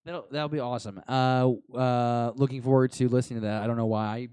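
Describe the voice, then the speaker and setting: A man's voice: medium pitch, fairly even intonation, brisk, dark tone, smooth, dry recording. A man hosting a podcast, rambling casually with lots of fillers and some self-deprecating jokes. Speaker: podcast host.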